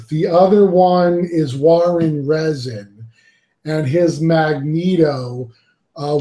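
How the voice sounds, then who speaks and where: A man hosting a casual collectors' panel talk, relaxed and laughing easily as he gives shout-outs. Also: a little high. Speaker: podcast host. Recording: roomy echo.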